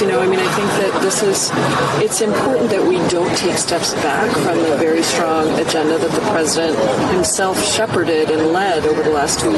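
A woman, a congresswoman, speaking haltingly with fillers in an outdoor press remark. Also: lowish voice. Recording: archive clip with loud street noise.

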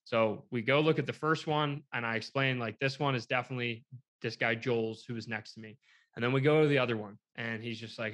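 A man's voice: medium pitch, quick pace. Man rambling through a hunting story. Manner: rambling, animated retelling with quoted dialogue. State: shaken, emotional. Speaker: hunter telling a story. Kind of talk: casual storytelling.

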